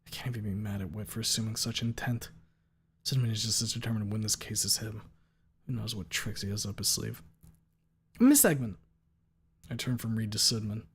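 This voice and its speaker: A man reading a story aloud on a live stream, steady in delivery, with playful asides when he slips. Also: on the low side, fast, breathy edge.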